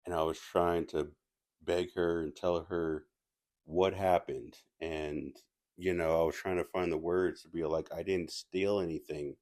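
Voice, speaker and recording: A man's voice: sits low, flat delivery, measured pace, darkish tone. A man casually telling a personal story as a movie reviewer, rambling with restarts and asides.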